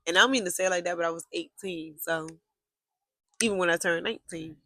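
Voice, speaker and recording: A woman's voice: lowish voice, fast, pushed and bright. A young woman telling a storytime vlog in a casual, blunt and profane way, with heated outbursts. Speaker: vlogger.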